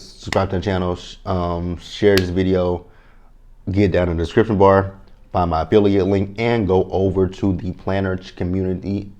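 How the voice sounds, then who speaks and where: Deep-voiced male vlogger, blunt and swearing, casual show-recap commentary. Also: darkish tone. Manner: blunt, profane, chatty. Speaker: TV reality show reviewer.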